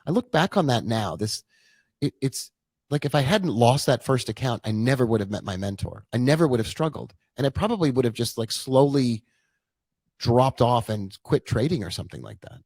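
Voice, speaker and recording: A man's voice: medium pitch, lively intonation, normal speed, a little mellow, breathy edge, no room sound. A man in his forties, a trading coach, telling his own story in a casual, chatty live-stream talk full of asides.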